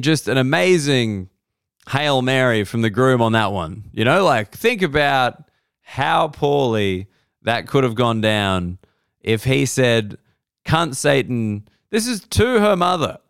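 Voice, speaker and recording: An Australian comedian rambles through a story on his podcast, swearing freely and jumping from a quick mutter to sudden high bursts. His voice is smooth and resonant, and the room is dry. He sits close to the mic. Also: expressive, fairly bright tone, no echo.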